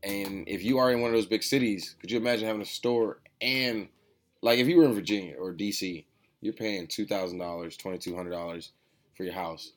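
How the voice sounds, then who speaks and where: A man's voice: on the low side, brisk. A young man co-hosting a casual chat, telling stories with lots of swearing and acted-out quotes. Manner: swearing, animated storytelling with voiced quotes. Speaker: podcast co-host, store owner.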